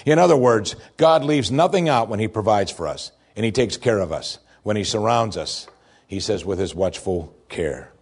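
Male pastor, husky timbre, expressive sermon delivery with wide swings in emphasis. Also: moderate pace. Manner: expressive, swings from raised emphasis to soft low tones.

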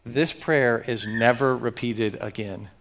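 A man's voice: medium pitch, steady tone, slow, a bit bright. A man preaching a sermon as pastor, emphatic and joking with his congregation.

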